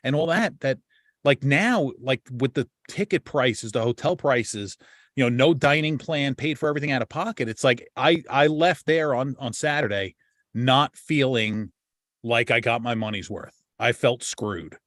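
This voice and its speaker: A man's voice: medium pitch, moderate pace, a bit bright, no room sound. Guy hosting a podcast, rambly and cussing a lot, dry close sound. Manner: rambling, swears freely, many restarts. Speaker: podcast host. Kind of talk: casual chat.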